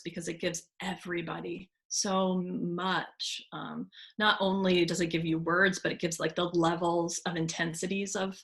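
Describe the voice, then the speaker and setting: Creaky-voiced woman, lively conversation. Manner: animated, acts out quoted voices with pitch jumps. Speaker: speech language pathologist. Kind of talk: casual conversation.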